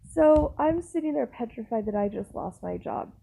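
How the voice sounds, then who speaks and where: A young woman vlogging, telling a personal story in a chatty, animated way, full of restarts and exasperated asides. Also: a little high, normal speed, vocal fry, a little hiss or hum, low-quality recording. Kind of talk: casual storytelling.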